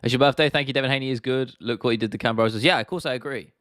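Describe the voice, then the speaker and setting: Here the young livestream host, London accent and all, fires off rapid replies to viewer comments in a relaxed Q&A. His medium-pitched voice has a fairly bright tone, with studio-quality sound and no room sound.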